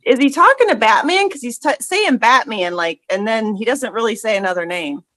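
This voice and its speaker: A woman's voice: a little high, animated, brisk, fairly bright tone, no room sound. A woman in a casual album discussion, asking curious questions. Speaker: podcast guest.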